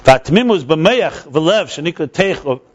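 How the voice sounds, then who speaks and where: Animated rabbi teaching a text class. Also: male voice, a little high, measured pace, lo-fi sound. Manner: animated, repeats and restarts words, mixes in Hebrew terms. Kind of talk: text study lesson.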